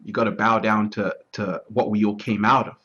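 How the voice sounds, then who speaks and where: A man talking through his thoughts in a relaxed, reflective conversation, often restarting and asking whether he is understood. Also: on the low side, moderate pace, slightly rough. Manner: repeats words, restarts often, asks "you see what I'm trying to say". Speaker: interview guest. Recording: dull lo-fi audio.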